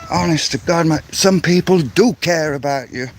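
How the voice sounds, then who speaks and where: A man's voice: fairly high pitch, normal speed, slight background noise. A man giving an angry, insistent vlog rant, often repeating words as he goes. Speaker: vlogger. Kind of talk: ranting vlog monologue.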